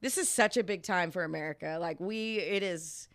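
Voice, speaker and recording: A woman hosting a casual chat, chatty and animated, often laughing as she tells stories. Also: fairly low pitch, moderate pace. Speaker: podcast host.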